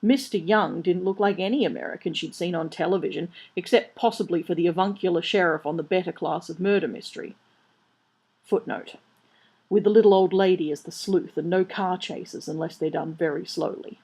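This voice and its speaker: A woman's voice: on the low side, brisk, darkish tone, breathy edge, poor audio. A woman reading a comic novel aloud in a dry, wry manner. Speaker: audiobook reader. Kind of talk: storybook narration.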